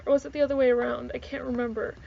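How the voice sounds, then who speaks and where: Woman, high voice, from Canada, casual vlog chat, digressive, dull lo-fi recording. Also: flat delivery, rapid-fire, creaky. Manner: chatty, rambling, digressive. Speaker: vlogger.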